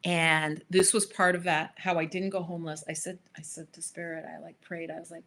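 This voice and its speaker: A woman's voice: fairly low pitch, a little fast, hardly any pauses, fairly bright tone. Woman host, casual storyteller, talks directly to her live-stream audience. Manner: chatty, addresses viewers directly with frequent asides. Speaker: spiritual manifestation coach hosting a live stream.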